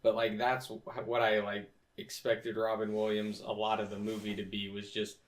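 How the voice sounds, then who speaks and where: Male co-host, hesitant, low and monotone. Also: normal speed. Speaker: podcast co-host. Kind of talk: casual chat.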